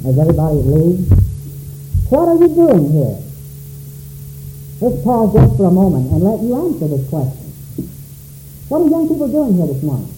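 A man's voice: sits high, mellow, roomy sound, low-quality recording. A man preaching a sermon in a church, calling out questions dramatically to the congregation. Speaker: pastor.

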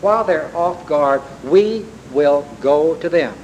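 A man's voice: a little high, lively intonation, slow pace, a little mellow, highs cut off. A man voicing a bold, devout young warrior in his own earnest preaching voice. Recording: faint background hiss.

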